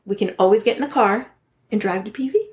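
Woman, podcast guest, from Southern California, earnest, candid, heartfelt storytelling, middle pitch. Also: quick pace. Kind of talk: personal storytelling in a podcast interview.

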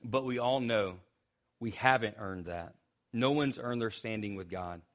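A man's voice: on the low side, a little slow. A young man preaching a sermon as pastor, speaking conversationally with restarts and joking asides.

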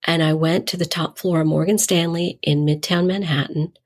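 A woman's voice: sits low, steady tone, normal speed, husky. A middle-aged woman, a nonprofit founder, telling stories in an interview and animatedly acting out the dialogue in her anecdotes. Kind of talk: conversational storytelling.

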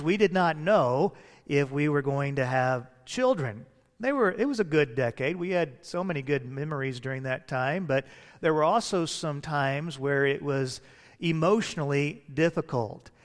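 A pastor delivers a sermon, telling stories with humor and shifting his pace. His voice sits higher than most men's. The sound carries a long reverb from a large hall.

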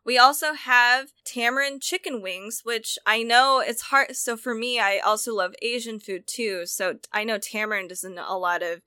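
A woman's voice: fairly high pitch, normal speed, few pauses, sharp tone, clear, resonant tone, no echo. A woman co-hosting a casual chat, talking about cookbooks with enthusiasm and frequent restarts. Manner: enthusiastic, chatty, self-correcting. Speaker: co-host reviewing cookbooks.

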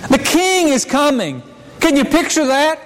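A man's voice: very high voice, big pitch swings, measured pace, a little hiss or hum. A man preaching a sermon as pastor, talking conversationally with frequent restarts and repeated words. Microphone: handheld or stand mic. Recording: long reverb of a large hall.

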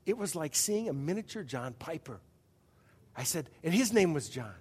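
A man's voice: a little high, very animated, moderate pace, a little mellow, husky, big-room sound. A man pastor preaching a sermon in a conversational way, often asking the audience questions and restarting his sentences.

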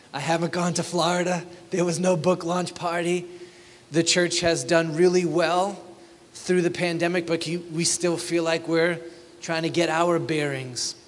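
A pastor preaching a conversational sermon, often asking the congregation if they feel it. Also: male voice, on the high side, big-room sound.

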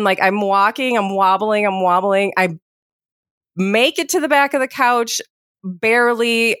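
A woman's voice: medium pitch, dry recording. Woman podcaster rambling thru a story, lots of likes, dry close sound. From lived abroad as a teen, international school. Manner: rambling, many "like" fillers, animated retelling. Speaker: podcast host. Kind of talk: casual storytelling chat.

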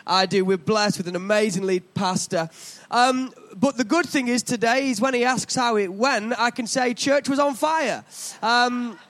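A young man with a British accent delivers a sermon in a church, talking to the congregation like friends. His voice sits high, and he jokes about himself between serious points. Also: normal speed, few pauses, fairly bright tone. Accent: British English. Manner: chatty, joking, self-deprecating. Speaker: preacher. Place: church stage.

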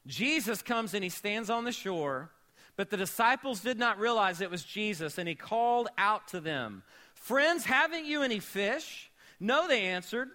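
A man pastor preaching a sermon, animated, moving between shouting and hushed storytelling. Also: sits high, moderate pace.

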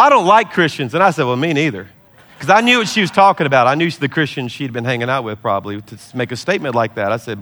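A middle-aged man, a pastor, preaching a sermon with lively storytelling and laughter, easing into a soft, slow prayer. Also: a little high. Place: large church hall.

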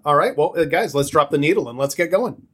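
A man's voice: fairly high pitch, lively intonation, fast talker, background noise. A man co-hosting a podcast in casual chat, jokey and sarcastic. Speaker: podcast co-host.

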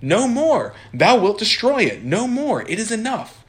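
A man voicing an impatient young knight from an allegory he reads aloud, crying out in high, strained pleas. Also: big pitch swings, a little slow. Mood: pleading. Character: anguished young male knight, impatient, pleading.

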